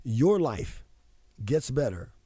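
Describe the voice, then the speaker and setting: A man's voice: mid-range voice, sing-song, takes it slowly, mellow, husky, no room sound, clean studio sound. A man hosting a show, giving a motivational talk in an emphatic, preachy way and repeating phrases for effect. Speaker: radio show host.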